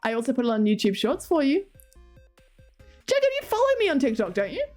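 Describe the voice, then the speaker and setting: A woman's voice: sits high, huge pitch swings, a little fast, darkish tone, soft background music. A woman streamer chatting casually and giggling as she reads chat and talks to her cats.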